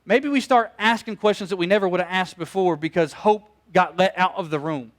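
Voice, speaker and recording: A middle-aged pastor, preaching a sermon, telling stories and acting out quoted voices in an animated way. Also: male voice, high voice, a little fast.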